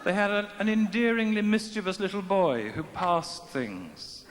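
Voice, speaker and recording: A man's voice: sits high, lively intonation, unhurried, slight background noise. A middle-aged man giving a dry, self-mocking comic talk to a live audience on a stage microphone. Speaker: comic speaker. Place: large festival venue with audience. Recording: echoey hall, faint ambience.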